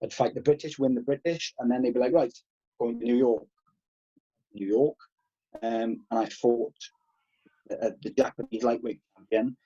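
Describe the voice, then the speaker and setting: Guy in his 30s, husky mellow voice, swears a lot, dull lo-fi call audio. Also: medium pitch, moderate pace, long pauses. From Wales. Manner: animated, swears freely, acts out past exchanges. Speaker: guest, karate instructor. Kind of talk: casual podcast storytelling.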